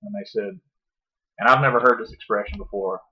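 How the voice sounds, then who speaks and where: A man telling a long story in casual podcast talk, profane and animated, acting out his own past words. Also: lowish voice, a little fast. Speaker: podcast guest. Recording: dull lo-fi podcast audio.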